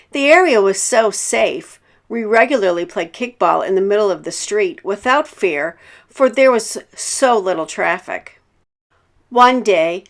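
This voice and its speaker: A woman narrating a scripted true-life story in a calm, measured reading voice. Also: medium pitch.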